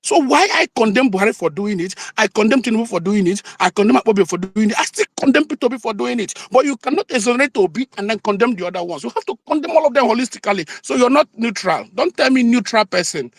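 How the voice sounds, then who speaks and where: A man's voice: high voice, expressive, fast talker, few pauses, no echo. A man with a Nigerian accent in a heated online debate, arguing emphatically and repeating key words for stress. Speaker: debate participant.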